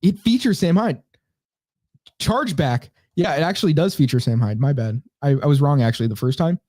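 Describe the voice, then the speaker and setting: A man's voice: on the high side, brisk, warm tone, no echo, studio quality. A man co-hosting a casual comedy podcast, rambling and sarcastic as he reads comments aloud. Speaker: podcast co-host.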